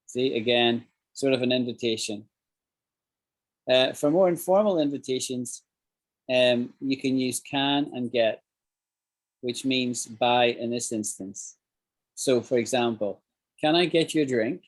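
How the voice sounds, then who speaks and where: A man's voice: medium pitch, unhurried. A man teaching an English class over a video call, explaining phrases and acting out examples.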